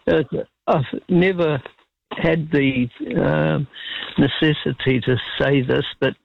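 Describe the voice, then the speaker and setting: A male caller on a talkback show, speaking slowly and haltingly in a gravelly, fried voice. His pitch sits a little high, and he comes through a dull, lo-fi phone line that sounds dry and close. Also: fairly even intonation. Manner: halting, with fillers and pauses.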